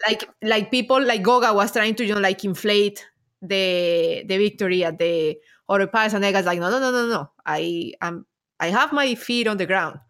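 Female co-host, mid pitch, chatty, laughs easily, lots of "like". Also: normal speed, fairly bright tone. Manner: chatty, laughs often, many fillers like "like". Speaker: podcast co-host. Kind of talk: casual chat.

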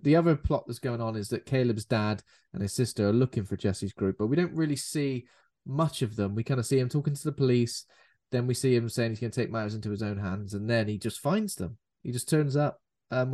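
A man's voice: medium pitch, fairly quick, mellow. A man chatting casually about a film, laughing often and voicing comic quotes.

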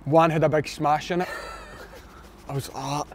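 A man's voice: on the high side, normal speed, a little hiss or hum. A Scottish man telling a long funny story in casual chat, acting out what people said. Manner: animated anecdote teller, lots of quoted dialogue.

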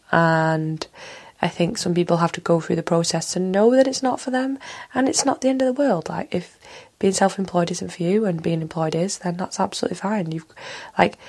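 A woman's voice: lowish voice, a little mellow. A woman in her thirties from Manchester with a Mancunian accent, hosting a casual solo podcast in a frank, rambling way that drifts from story to story. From Manchester, England. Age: 30s. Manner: outspoken, frank and swears casually. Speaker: podcast host.

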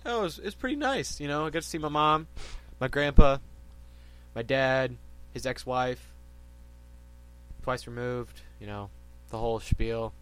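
A man's voice: medium pitch, measured pace, a bit bright, smooth. A young man co-hosting a casual podcast, joking and laughing often. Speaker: podcast co-host. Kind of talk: casual chat.

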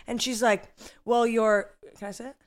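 A young woman telling a story in casual family chat, indignant and animated. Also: on the high side, moderate pace.

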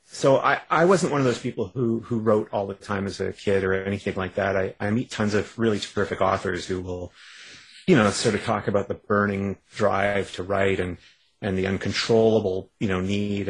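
A man's voice: fairly low pitch, breathy edge, poor audio. A man from Canada, an author being interviewed on a radio show, wry and self-deprecating, rambling with many restarts. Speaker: author guest.

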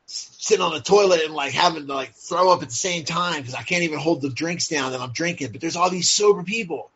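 A husky, breathy man with a fairly high voice tells his story candidly, blunt and profane, leaning on "like" and "you know". The recording sounds dull and lo-fi. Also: a bit bright. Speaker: podcast guest.

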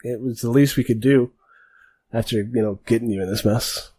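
A man voicing a blunt, tough young woman adventurer who swears and talks brusquely, with a husky voice. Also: mid-range voice, normal speed, dark tone, close to an everyday voice. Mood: offhand. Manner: brusque and cussing.

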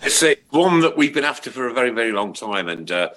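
A man's voice: medium pitch, sing-song, quick pace, fairly bright tone. A middle-aged man hosting a podcast in casual chat, jokey and rambling, with many fillers and restarts. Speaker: podcast host.

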